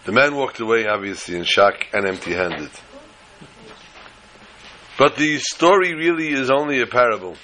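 Male preacher, sermon storytelling, animated, bright tone. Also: mid-range voice, slight background noise, low-quality recording. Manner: animated storyteller, dramatic pauses.

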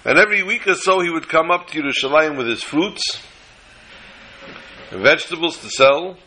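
A man telling a story in a sermon, with an expressive, dramatic delivery. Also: fairly high pitch, normal speed, poor audio.

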